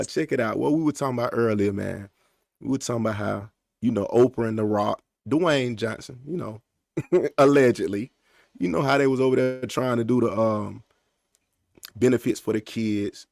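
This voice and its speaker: Gravelly, rambling male podcast host. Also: on the low side, darkish tone, no echo, studio quality. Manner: loose, rambling, drawling slang with many fillers. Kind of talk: casual unscripted podcast talk.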